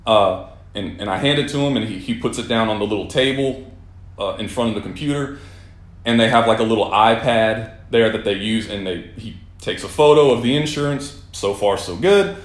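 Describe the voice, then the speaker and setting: A man's voice: on the low side, fairly quick, echoey room. A man telling a personal story in a casual monologue, exasperated and rambling, swearing often and restarting his sentences.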